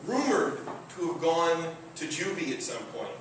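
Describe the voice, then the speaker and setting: A man from Michigan tells a true story on stage, casual and chuckling, with plenty of fillers. His voice sits a touch high for a man. It comes from some way off the mic and rings around a very echoey room. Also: sing-song, a little slow, fairly bright tone, recorded from a distance, a little hiss or hum. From Michigan, USA. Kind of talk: live comedic storytelling.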